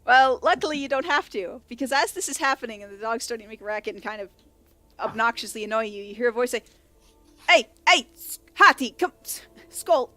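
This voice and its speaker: A woman's voice: fairly high pitch, fast, fairly bright tone, no room sound. A woman narrating as game master in a tabletop game, rambling and correcting herself as she describes scenes. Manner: rambling, self-correcting, laughing often. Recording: faint background music.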